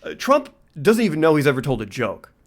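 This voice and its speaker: A man co-hosting a comedy podcast, riffing in an excitable, casual way. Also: on the high side, a little fast. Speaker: podcast co-host.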